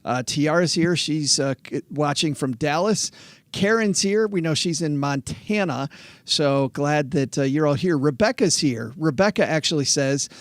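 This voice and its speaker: A man's voice: fairly high pitch, animated, measured pace, no echo. A man co-hosting a casual money chat show, chatty and reading news pieces aloud. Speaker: podcast co-host. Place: phone booth studio.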